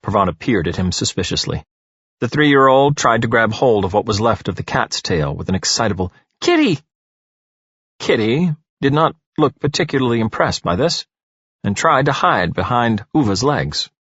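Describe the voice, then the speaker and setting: A man narrating an audiobook in an expressive storytelling way. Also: on the low side, moderate pace, husky, dry recording. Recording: dull lo-fi recording.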